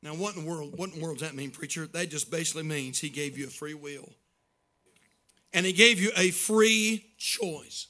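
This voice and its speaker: A man preaching a sermon to his congregation with a sing-song, impassioned cadence, breaking into shouts and chuckling folksy asides. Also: on the high side, moderate pace. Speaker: pastor.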